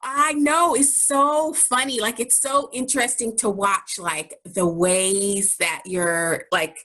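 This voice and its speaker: A woman co-hosting a podcast in casual chat, expressive and quick to laugh, full of rhetorical questions. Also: on the high side. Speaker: podcast co-host.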